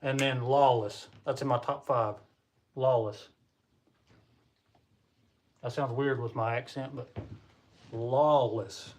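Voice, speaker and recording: A man's voice: medium pitch, steady tone, moderate pace. A man hosting a casual live stream, rambling and chatting with viewers as he reads their comments. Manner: rambling, chatty, laughs often; talks to viewers while reading comments. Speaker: livestream host.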